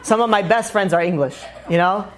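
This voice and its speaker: A man's voice: sits high, fairly quick. A man, a rabbi giving a casual, joking class. He rambles through asides and self-mocking humor and fills his talk with "you know" and "like".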